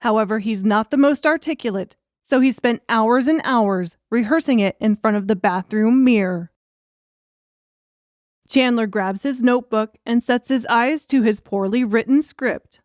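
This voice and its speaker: A woman reads a darkly comic audiobook with wry, crude timing. Her voice sits a bit high and the recording is dry and close, with no room sound. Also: measured pace, a little mellow, no echo. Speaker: audiobook narrator. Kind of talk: scripted audiobook narration.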